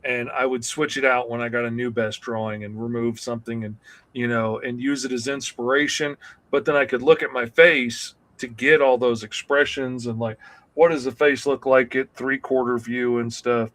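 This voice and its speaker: A man talking casually on a comics livestream in an ordinary middle-pitched voice. He tells stories of his drawing habits with a joking, self-deprecating edge. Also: steady tone, normal speed, fairly bright tone. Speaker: comic artist co-host.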